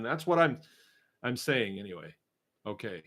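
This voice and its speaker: A man's voice: mid-range voice, expressive, a little slow, fairly bright tone. A middle-aged man from Shrewsbury, Massachusetts, hosting a homestead channel and chatting casually while he reads viewer comments, rambling and sarcastic. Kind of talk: casual livestream chat reading viewer comments.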